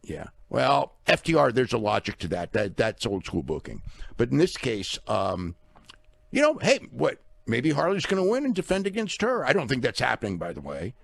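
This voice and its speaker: A man's voice: medium pitch, huge pitch swings, moderate pace, creaky. A man co-hosting a wrestling podcast who explains hesitantly, restarting his sentences. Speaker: wrestling newsletter podcast co-host. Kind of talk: podcast discussion.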